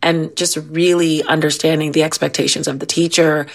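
A woman's voice: deep voice, level tone, moderate pace. A woman, a mother, speaking frankly and emphatically as a guest on a radio talk show.

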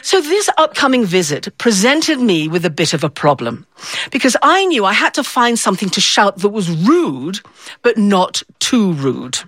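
Lively woman storyteller. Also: mid-range voice, moderate pace, no room sound. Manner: animated, acts out voices of people in the story. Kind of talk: live storytelling performance.

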